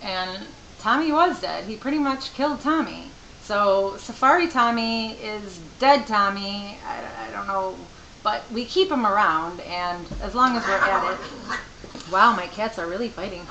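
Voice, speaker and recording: A woman's voice: medium pitch, measured pace, bright, forceful tone, dull audio. A middle-aged woman, a mother, telling a rambling, chatty story to camera from home with many asides. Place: home room. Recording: echoey room with faint hiss.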